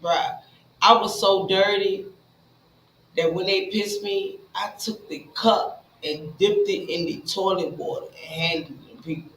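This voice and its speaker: A woman telling her own story in a casual, blunt and profane way, talking straight to her listeners and jumping between hushed asides and loud bursts. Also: mid-range voice, steady tone, unhurried, a little hiss or hum. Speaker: speaker sharing a recovery story. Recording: roomy echo with faint ambience.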